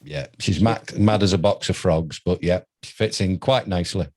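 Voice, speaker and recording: A man's voice: deep voice, moderate pace, darkish tone. A man in his sixties with a British accent, a radio host telling chatty anecdotes in a casual interview. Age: 60s. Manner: chatty anecdotal storyteller, laughs often.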